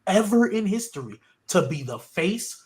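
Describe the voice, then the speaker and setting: Man, podcast host, casual wrestling chat, fairly high voice, very lively pitch, opinionated, rambling. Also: normal speed, crowd noise. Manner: animated, opinionated, rambling with restarts.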